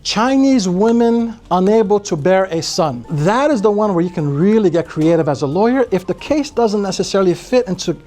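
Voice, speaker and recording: Animated man explaining law, higher voice. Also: moderate pace, few pauses, soft background music. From Brazil. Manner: animated, acts out quotes in other voices. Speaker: immigration lawyer. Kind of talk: explanatory podcast interview.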